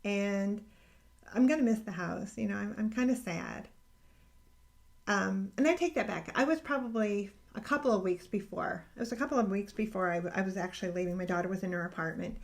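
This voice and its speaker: A middle-aged woman telling a personal faith story in a casual, earnest way, growing emotional and halting with restarts. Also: mid-range voice, gravelly. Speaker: podcast host sharing a personal faith story.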